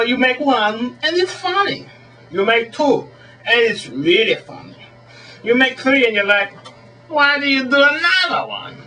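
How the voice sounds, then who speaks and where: A man doing a crude, deadpan comedy monologue in a rambling way. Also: high-pitched, recorded from a distance, rough recording. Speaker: amateur comedy video maker.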